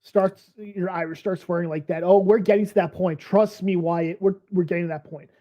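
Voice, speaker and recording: A man's voice: sits high, steady tone, normal speed, dark tone, dull audio. A man hosting a reaction stream, ranting angrily and swearing, a little tipsy. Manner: angry, profane ranting. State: tipsy from beer. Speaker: stream host.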